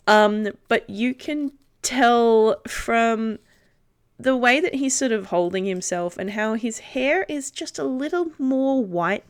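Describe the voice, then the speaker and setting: A woman playing a tabletop role-playing game, narrating her character and rolling dice with an animated manner. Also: fairly high pitch. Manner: animated, laughing, self-correcting. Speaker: tabletop player.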